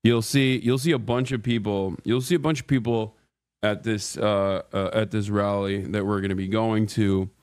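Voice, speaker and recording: A man's voice: lowish voice, fairly even intonation, normal speed, darkish tone, smooth. A tired man streaming live from a hotel room, chatting casually and rambling with joking banter. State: tired from little sleep. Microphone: streaming mic.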